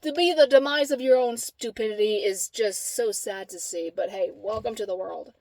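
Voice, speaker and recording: A woman's voice: on the high side, moderate pace, a little mellow. A woman vlogging to camera, telling a story in a blunt, profane, exasperated way. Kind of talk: casual storytelling vlog.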